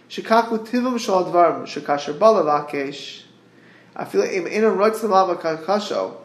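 A man giving a Torah class over a group call, earnest and halting, quoting Hebrew verses and translating them. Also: high-pitched, vocal fry, fairly bright tone, echoey room. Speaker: Torah teacher. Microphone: group call line.

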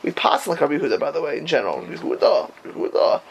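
Man leading a Torah class, high-pitched, animated, faint hiss behind, Hebrew terms in his English. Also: rapid-fire, vocal fry, dull audio. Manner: animated, rising to high emphatic questions. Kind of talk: informal Talmud class with students.

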